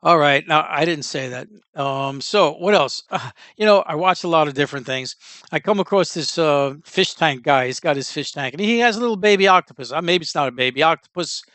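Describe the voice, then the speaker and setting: A man talks through a casual opinion monologue in a fairly high voice, wandering from point to point with blunt, offhand remarks. The sound is dry and close, with no room around it. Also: lively intonation, fairly quick, sharp tone, dry recording. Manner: rambling, digressive, blunt. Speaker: commentator.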